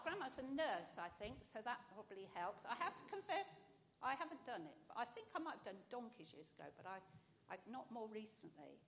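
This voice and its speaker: A woman's voice: on the high side, very animated, a little fast, fairly bright tone. Woman preaching to a congregation. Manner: talks directly with the congregation, asking children questions. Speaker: preacher at an all-age church service. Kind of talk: sermon. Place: church.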